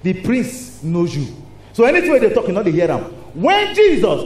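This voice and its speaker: A man with a Nigerian accent preaching a lively sermon in a church, asking the congregation rhetorical questions. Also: high-pitched. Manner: animated, call-and-response preaching with rhetorical questions. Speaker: pastor. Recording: echoey hall with faint noise.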